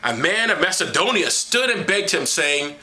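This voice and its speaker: A man's voice: a little high, big pitch swings, normal speed. A man giving an irreverent comedic reading to a camera, stumbling over words and swearing in mocking asides. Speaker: comedic Bible reader.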